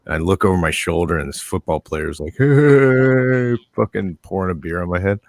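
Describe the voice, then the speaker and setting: A man's voice: low voice, steady tone, fast, creaky, dry recording, studio quality. A man in casual chat, telling a story in a laid-back way with plenty of swearing.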